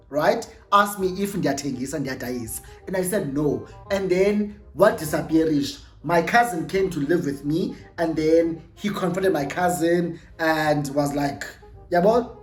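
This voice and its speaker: Woman, South African accent, young, lowish voice, animated storytime, code-switching, echoey room. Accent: South African, mixing in Xhosa. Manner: animated, code-switching between English and Xhosa, repeats "no, no, no" and "yabo". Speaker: storytime vlogger. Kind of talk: casual storytelling.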